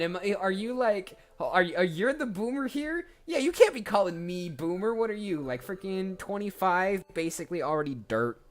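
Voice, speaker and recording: A voice actor chatting casually while browsing job listings, rambling and often cutting themself off. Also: mid-range voice. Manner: chatty, rambling, self-interrupting. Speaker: voice actor streaming job applications. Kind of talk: casual chat.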